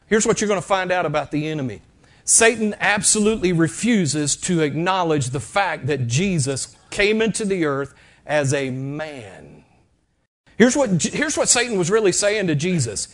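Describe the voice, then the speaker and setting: A man preaching a sermon in a church, telling the story in an animated, dramatic way with sudden drops and rises in loudness. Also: sits high, normal speed. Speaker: pastor.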